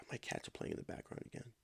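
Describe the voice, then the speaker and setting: A man's voice: fast, in a whisper. A man reading a story aloud as a podcast host, often stumbling, rereading lines and breaking off to comment on the text.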